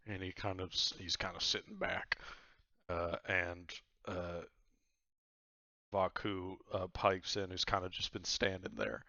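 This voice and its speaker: A lower-voiced man running a tabletop game, lively and loose, full of fillers. His tone is bright and dry, on a slightly dull, lo-fi recording. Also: a little slow, vocal fry, no echo. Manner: rambling, many fillers and hedges. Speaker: game master.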